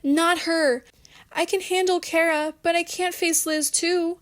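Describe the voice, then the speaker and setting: A woman's voice: high-pitched, sing-song, a little slow, a bit bright, pitched above the performer's own voice, full character voice. A woman voicing a guilty young woman who speaks in a small, pleading, apologetic voice. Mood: fearful.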